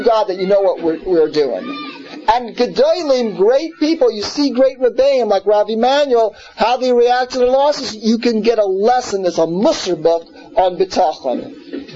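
A man's voice: very high voice, warm tone, highs cut off, a little hiss or hum. A man teaching a scripture class in an earnest way, repeating words and putting questions to his listeners. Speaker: Torah teacher.

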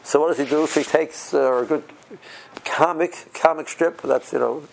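A man's voice: on the high side, normal speed, vocal fry, slight background noise, poor audio. A man teaching an informal Torah lecture, conversational and full of rhetorical questions, with Hebrew terms mixed in. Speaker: rabbi teaching Torah class.

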